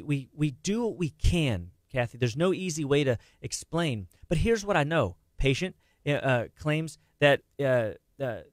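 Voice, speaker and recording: A middle-aged man talking casually about health on a radio show, animated and quick, with many restarts and repeated words. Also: mid-range voice, no echo, studio quality.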